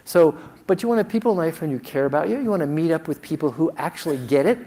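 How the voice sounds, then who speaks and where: A man's voice: a little high, lively intonation, fast talker, dark tone. A man speaking earnestly to a conference audience, urging people to talk to each other. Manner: earnest, encouraging. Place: conference hall.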